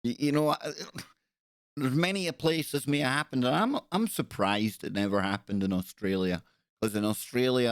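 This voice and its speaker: A man's voice: on the low side, normal speed, dry recording. A man hosting a talk show, commenting indignantly and sarcastically on news clips and often repeating himself. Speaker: host.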